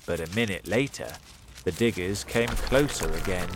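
A man reading a children's storybook aloud in an expressive manner. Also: low-pitched, normal speed, background noise. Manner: animated, expressive read-aloud delivery. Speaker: narrator.

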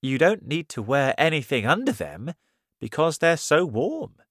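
A man voicing a sly, clever tailor who coaxes and flatters a king in a told story. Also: on the high side, a little slow, no echo, clean studio sound, voice pushed up, heavily acted. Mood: coaxing. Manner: coaxing and flattering.

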